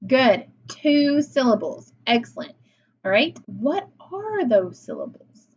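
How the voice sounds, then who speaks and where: Woman teaching phonics to kids, slow and encouraging, kinda high voice, bit dull lo-fi sound. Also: big pitch swings. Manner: slow, encouraging, with pauses for answers. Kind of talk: phonics lesson for children. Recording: slightly dull lo-fi sound with faint noise.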